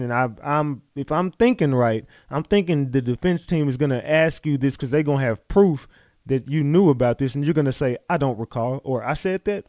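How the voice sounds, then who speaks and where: A man's voice: medium pitch, a little mellow, no room sound, clean studio sound. A man giving casual, profane commentary as he reads out court testimony, incredulous and mocking. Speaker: commentator on a trial.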